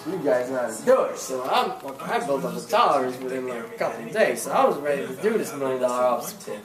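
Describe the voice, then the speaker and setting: A man's voice: medium pitch, sing-song, fast, recorded from a distance. Profane rambling stand-up comedian, man. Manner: profane, rambling slangy storytelling. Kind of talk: stand-up storytelling. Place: comedy club stage with audience. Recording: roomy club with crowd noise.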